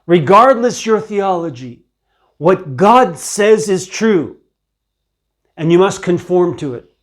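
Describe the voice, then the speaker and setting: Stern, slow-spoken man preaching. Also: high-pitched, lively intonation. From Ukraine. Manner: stern, slow and deliberate, gentle but terse rebuke. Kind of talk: scripture teaching sermon.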